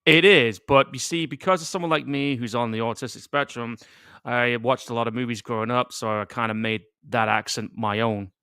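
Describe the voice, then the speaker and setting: Laid-back male co-host from England; mid-pitched, chuckling, casual swearing, dry sound. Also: fairly even intonation, normal speed, sharp tone, clear, resonant tone, no echo. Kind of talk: casual live movie commentary.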